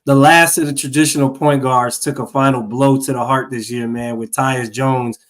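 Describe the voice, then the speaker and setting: A man's voice: medium pitch, fairly even intonation, moderate pace, a bit bright. A man from Minneapolis co-hosting a podcast, chatting about sports in a laid-back, playful way. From Minneapolis, USA. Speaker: podcast co-host. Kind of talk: casual sports talk.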